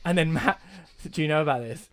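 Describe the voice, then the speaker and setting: A young man co-hosting a casual podcast, rambling and restarting as he tells gaming stories, getting loud and laughing when excited. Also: on the high side, fairly quick. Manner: rambling, self-correcting storyteller who gets loud and laughing when excited. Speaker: podcast co-host. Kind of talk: casual chat. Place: home studio, dry close mic. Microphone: close podcast mic.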